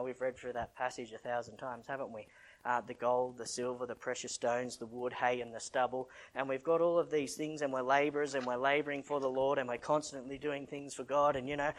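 A man preaching a conversational sermon as a missionary, asking the congregation rhetorical questions and swinging between loud and soft. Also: on the high side.

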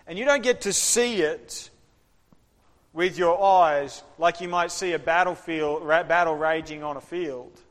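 A man preaching an interactive sermon, animated and acting out the voices of the people in his story. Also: a little high, unhurried. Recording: long hall reverb.

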